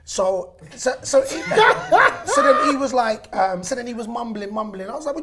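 A man, a former footballer hosting a casual interview chat and telling stories with animated energy. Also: very high voice, moderate pace, a little hiss or hum. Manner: animated storyteller, voice rising when excited. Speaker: podcast host, former footballer.

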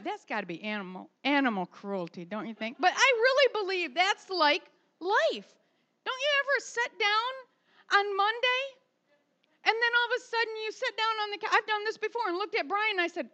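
Very high, bright-voiced woman preaching. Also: normal speed. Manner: animated, emphatic, swings from soft to loud. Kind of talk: sermon.

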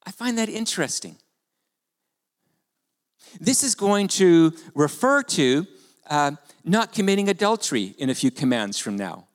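Animated male pastor in a reverberant hall. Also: fairly high pitch, unhurried, long pauses. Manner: animated, conversational preaching with rhetorical questions. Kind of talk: sermon.

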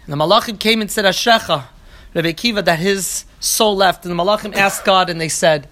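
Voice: mid-range voice, a little fast, fairly bright tone. Earnest teacher translating text line by line. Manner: reads each passage aloud in the original, then translates it phrase by phrase; earnest, builds up restated phrases. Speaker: Torah teacher. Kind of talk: evening Talmud lecture.

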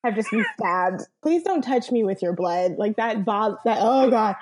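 A woman's voice: mid-range voice, expressive, normal speed, noisy background. A young woman chatting casually about a film, rambling and cutting herself off mid-thought. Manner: chatty, rambling, self-interrupting. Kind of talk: casual chat recapping a film.

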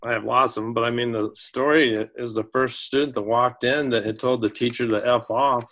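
A man working in school administration, telling a long story in an interview, halting and repeating words as he goes. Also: mid-range voice, fairly even intonation, a bit bright.

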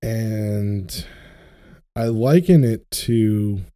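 A man's voice: fairly low pitch, drawn-out words, mellow. A young man in casual podcast chat, ranting with profanity and passion about his faith.

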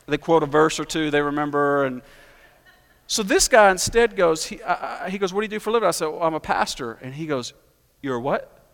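A man's voice: on the high side, lively intonation, fairly quick, a bit bright. A man preaching a sermon as pastor, telling stories and building to emphatic peaks. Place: church sanctuary. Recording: long hall reverb.

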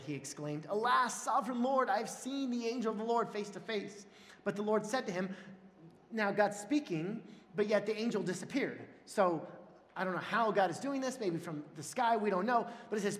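A man preaching a sermon and telling stories with animated swings into loud, high exclamations. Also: slight background noise. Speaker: pastor. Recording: echoey hall with long reverb.

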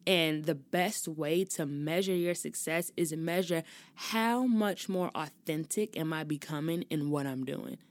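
A young woman from Chicago hosting her own podcast, talking in a chatty, animated way with slang and frequent laughs. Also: low-pitched, unhurried, no echo. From Chicago, US Midwest. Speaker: podcast host. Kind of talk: casual solo podcast chat.

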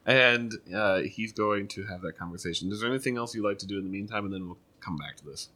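A man's voice: on the low side, quick pace, pushed and bright. A man narrating a tabletop game as game master, in loose, rambling talk.

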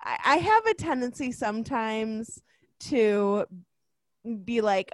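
A woman's voice: mid-range voice, very animated, moderate pace, dry recording. A woman in a casual movie chat who talks in an easygoing way and laughs often. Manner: chatty, laughing, says "you know what I mean".

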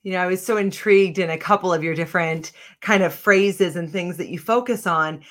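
A woman with a fairly low voice hosts a casual interview. She asks questions with interest and affirms what her guest says as she goes. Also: a little fast, a bit bright. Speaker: podcast host.

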